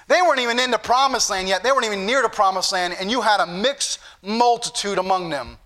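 A male pastor delivers a fervent sermon. His voice sits high and rings bright and forceful. He repeats phrases and keeps calling on the brethren. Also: a little fast.

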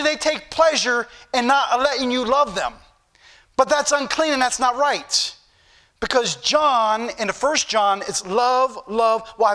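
A male preacher with a Southern US accent, reading scripture slowly and preaching with emphatic repetition to a church congregation. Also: very high-pitched, sharp tone. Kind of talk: sermon.

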